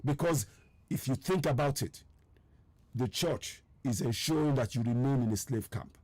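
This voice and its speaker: A man's voice: mid-range voice, moderate pace, a little mellow, no echo. A man hosting a live online broadcast, urging viewers with insistent repetition in a strained, tired voice. He is from Nigeria. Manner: urgent, insistent, repeating his points; reads out viewer names and answers their comments. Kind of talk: impassioned live-stream address.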